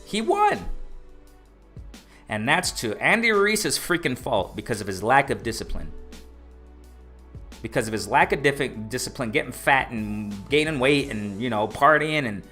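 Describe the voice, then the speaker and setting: Man, livestream host, casual boxing talk, animated, repeats phrases, light background music. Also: mid-range voice, normal speed. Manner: excited, reads chat aloud, repeats phrases. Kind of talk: casual live-stream commentary.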